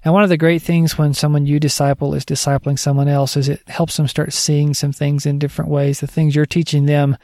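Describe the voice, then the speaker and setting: A man's voice: a little high, little pitch movement, a little fast, hardly any pauses, darkish tone, dry recording, studio quality. A man giving a casual spoken teaching update on discipling others, conversational and digressive, thinking aloud as he goes.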